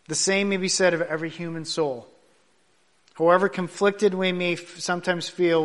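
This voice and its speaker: High-voiced man preaching a sermon. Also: steady tone, moderate pace. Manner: emphatic preaching, rising loud on key points, dropping soft at the ends. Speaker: pastor.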